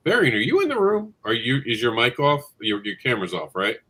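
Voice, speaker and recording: Animated man hosting a livestream chat. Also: medium pitch, fairly quick. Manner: animated, impassioned, talks over others. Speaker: livestream show host. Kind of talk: casual panel chat.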